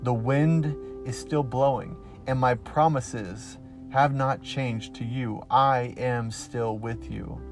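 A man giving a slow, earnest devotional sermon on a podcast, emphatic and pausing often. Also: mid-range voice, faint music behind. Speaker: podcast preacher.

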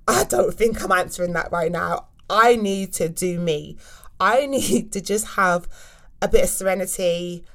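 Chatty mum giving frank tips. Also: female voice, medium pitch. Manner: chatty, frank and animated, with quick asides. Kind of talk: casual advice chat to camera.

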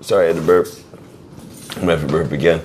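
A man's voice: extremely low pitch, fairly even intonation, racing, a little mellow, soft background music. A man hosting a casual late-night chat with a musician guest. He jokes, laughs and rambles. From visitor often based in Seattle. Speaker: podcast host interviewing a musician.

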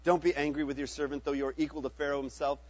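An urgent, pleading older brother begs a powerful ruler for mercy, as a man reads him. The voice is high and light for a man, and the sound is dull, lo-fi and dry. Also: flat delivery, rapid-fire, a little mellow, dry recording, lightly acted. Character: Judah, a grown man pleading for his youngest brother.

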